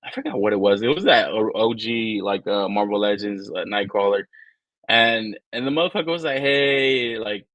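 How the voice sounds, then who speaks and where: A man's voice: lowish voice, brisk, no room sound, lo-fi sound. A man co-hosting a toy-collecting live stream, talking in a rambling, profane, casual way and acting out the people he quotes. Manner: profane, rambling, animated storyteller who acts out quotes. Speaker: podcast co-host.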